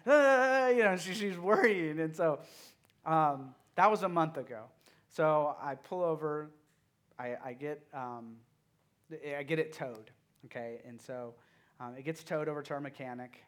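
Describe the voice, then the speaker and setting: Animated youth pastor, a man. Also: fairly high pitch, unhurried. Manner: animated storytelling with many fillers. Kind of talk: casual youth sermon.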